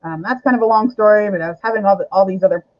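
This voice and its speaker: A woman's voice: mid-range voice, racing, dull audio. Candid woman telling a personal story. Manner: candid, rambling storyteller with many fillers. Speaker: guest. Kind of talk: personal story on a talk show.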